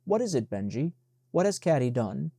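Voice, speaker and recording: A man's voice: medium pitch, very animated, moderate pace, gravelly, dark tone, no room sound, studio quality. A man voicing a bossy young Southern girl who can turn coaxing and tender. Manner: commanding, then coaxing and tender.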